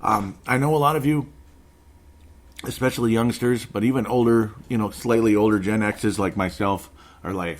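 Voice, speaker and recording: A man's voice: mid-range voice, normal speed. A man in his forties hosting a basketball show, ranting sarcastically about a game in casual commentary. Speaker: basketball podcast host.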